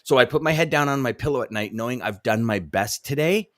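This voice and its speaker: A man's voice: medium pitch, expressive, fast, a bit bright. A man hosting a casual live-stream chat as a coach, reading viewer comments aloud and often repeating words. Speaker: podcast host and trucking coach.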